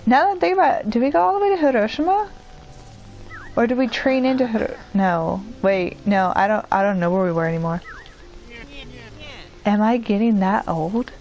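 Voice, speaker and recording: A woman's voice: mid-range voice, moderate pace, pauses often, a little mellow, faint music behind, low-quality recording. A young woman rambling and joking at her own expense while commenting on a video game she plays. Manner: rambling, self-deprecating, chatty. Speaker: let's play commentator. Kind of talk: casual gameplay commentary.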